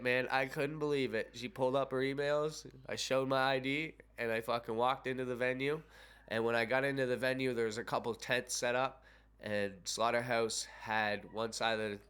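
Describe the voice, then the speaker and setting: A young man casually telling a personal story on his vlog, excited and swearing often. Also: lowish voice, clean tone.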